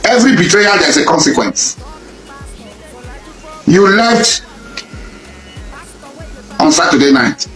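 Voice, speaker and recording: A man with a Nigerian accent giving an impassioned public speech, accusing a rival and repeating his points, at times rising to a shout. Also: a little high, very animated, slow pace, long pauses, reverberant, soft background music, rough recording. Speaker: public speaker addressing a rival.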